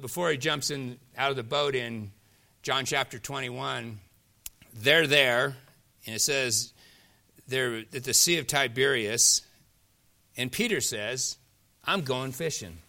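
A male pastor delivers a sermon with a bright, forceful tone. He retells scripture as lively stories, pressing hard on key lines and then dropping to a hush. His delivery is animated and emphatic throughout. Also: mid-range voice, measured pace, vocal fry, long pauses. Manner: animated storytelling preacher, swings between loud emphasis and soft hushed lines.

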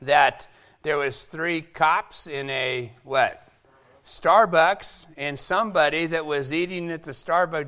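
A man from Seattle preaching a sermon, lively and acting out the quoted voices. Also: on the high side. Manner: animated, acts out quoted voices. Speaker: pastor.

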